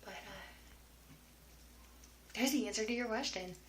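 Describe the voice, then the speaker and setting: She takes her time, her voice on the high side, as she answers viewers' questions in a loose, talkative vlog that sometimes drifts into whispers. The room sounds echoey, with slight background noise.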